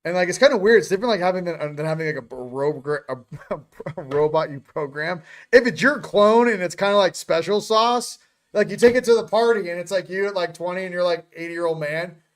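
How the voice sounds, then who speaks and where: A man's voice: high voice, fairly quick. A man hosting a casual morning chat, joking and rambling as he goes. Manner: joking, rambling, self-interrupting. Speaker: host.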